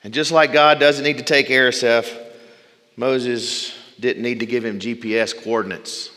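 Bright-voiced preacher in a reverberant hall. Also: male voice, medium pitch, fairly even intonation, moderate pace. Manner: dramatic swings between loud and hushed delivery; folksy humorous asides. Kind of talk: sermon. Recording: long reverb from a large hall.

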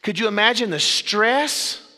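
High, bright-voiced preacher in a hall. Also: male voice, lively intonation. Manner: dynamic preaching with dramatic pauses and sudden drops to low, quiet phrases. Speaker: pastor. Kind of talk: sermon. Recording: long reverb of a big hall.

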